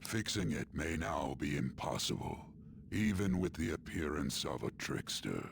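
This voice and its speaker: An actor voicing an ancient, ominous male master of a dream realm, speaking slowly in grave, cryptic pronouncements in dubbed video game dialogue. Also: big pitch swings, slight background noise, full character voice. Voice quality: deep gravelly.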